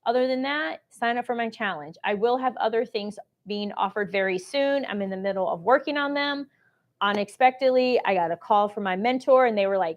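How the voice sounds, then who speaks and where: A chatty woman with a fairly high voice hosts a live sales stream, answering viewers' comments as she goes. Her pitch sits a little above the usual, and the audio is dull and lo-fi. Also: brisk. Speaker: host of a live shopping stream on government contracting.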